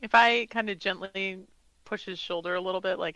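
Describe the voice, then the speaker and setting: A player at a tabletop game, relaxed and wry. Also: mid-range voice, fairly quick, vocal fry, no room sound, dull audio. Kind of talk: casual tabletop play.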